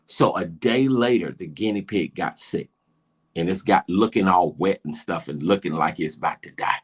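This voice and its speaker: A man co-hosting a podcast, telling an expressive comic story about family life. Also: deep voice, normal speed, breathy edge. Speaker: podcast co-host. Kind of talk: comedic storytelling.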